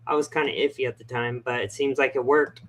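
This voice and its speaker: A man's voice: medium pitch, fairly even intonation, fast, a bit bright. Casual male podcast host talking to viewers. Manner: conversational, addresses viewers directly. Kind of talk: casual reaction podcast talk.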